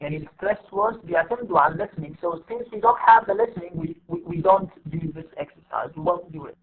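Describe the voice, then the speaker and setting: High-voiced teacher on a tinny line. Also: male voice, sing-song, fairly quick, vocal fry. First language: Arabic. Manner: repetitive, explains step by step with many fillers. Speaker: English teacher. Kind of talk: online class lecture.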